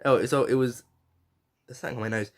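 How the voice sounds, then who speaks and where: A man's voice: mid-range voice, steady tone, fast talker. A man chatting casually as a podcast host, frank and given to swearing, with fillers and restarts. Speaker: podcast host reviewing a reality show. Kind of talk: casual review chat.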